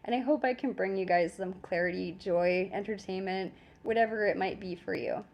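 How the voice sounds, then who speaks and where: A woman's voice: medium pitch, normal speed, lo-fi sound, a little hiss or hum. A woman with a Canadian accent hosts a casual live stream from home and talks straight into her phone. She chats easily and pokes fun at herself, with frequent laughs and the odd swear word. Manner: chatty and self-deprecating, laughs often, swears casually. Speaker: livestream host.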